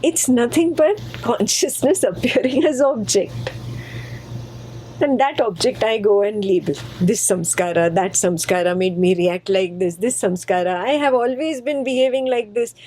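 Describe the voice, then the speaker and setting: A woman's voice: fairly high pitch, moderate pace, warm tone, a little hiss or hum, low-quality recording. A woman teaching a spiritual text to her students. She is patient and playful and repeats phrases for emphasis.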